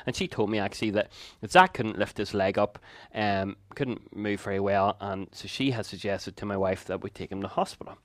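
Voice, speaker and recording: An earnest preacher in his fifties with a somewhat low voice, telling a personal story with asides and quick laughs. The sound is dry and close, with no room around him. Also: a bit bright, no room sound.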